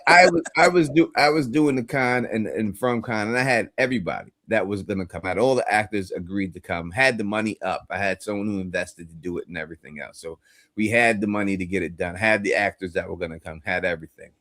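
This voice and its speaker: Man podcast host, low dry voice, animated storyteller in casual chat. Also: brisk, no echo. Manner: animated storyteller, acts out phone calls.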